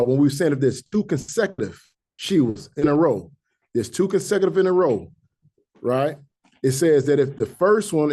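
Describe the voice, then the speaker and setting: A man teaching a Hebrew reading class, patiently explaining rules and sounding out syllables slowly, one by one. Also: a little high, a little mellow. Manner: patient, repeats sounds slowly to demonstrate pronunciation. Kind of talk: classroom language lesson.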